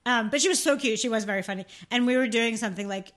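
A woman with a fairly high voice co-hosting a relaxed podcast conversation. She rambles through her stories, laughs easily and swears without a second thought. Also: fast. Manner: laughs often, swears freely, rambling storytelling. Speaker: podcast co-host. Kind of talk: casual chat.

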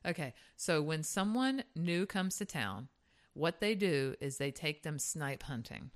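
Low-pitched Southern woman, co-host, lively profane storyteller. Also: measured pace. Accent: Southern American. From southern Georgia, US. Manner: animated storytelling, swearing, laughing often. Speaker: podcast co-host. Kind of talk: casual chat.

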